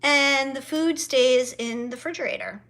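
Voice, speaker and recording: A woman's voice: high voice, moderate pace, a bit bright. A woman telling a family story to her viewers in a chatty vlog, swearing freely and acting out both sides of conversations with her mother. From South Florida. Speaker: vlogger. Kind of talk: casual storytelling to camera.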